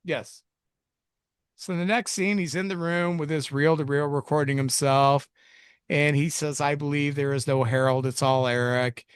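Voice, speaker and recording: A man's voice: on the high side, steady tone, moderate pace, clear, resonant tone, no echo, clean studio sound. A man co-hosting a film review podcast, recapping the plot in a rambling, jokey way with self-mocking asides. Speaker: podcast co-host reviewing films. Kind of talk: casual chat recapping a movie plot.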